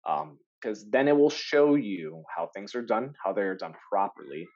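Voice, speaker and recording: Man, casual podcast guest, low voice, animated anecdotes, dull recording. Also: normal speed. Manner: animated storyteller, laughs often, many fillers. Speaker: actor guest.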